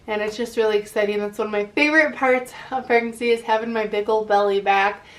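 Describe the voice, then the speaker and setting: A woman's voice: mid-range voice, steady tone, fast. A woman vlogging in casual chat, talking on with lots of "like" fillers and running short of breath between phrases.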